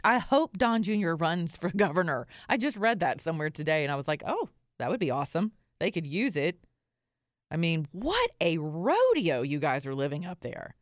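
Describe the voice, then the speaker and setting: A woman's voice: lowish voice, sing-song, normal speed, no room sound, studio quality. A woman hosting a podcast, talking casually with sarcastic asides and frequent laughter. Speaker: podcast host. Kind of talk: casual opinion talk.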